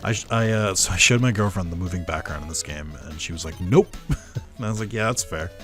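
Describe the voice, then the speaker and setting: Low-voiced laid-back gaming guy. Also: fast, sharp tone, faint music behind. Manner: laid-back, musing aloud, chuckling. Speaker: gamer. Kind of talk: casual let's-play commentary.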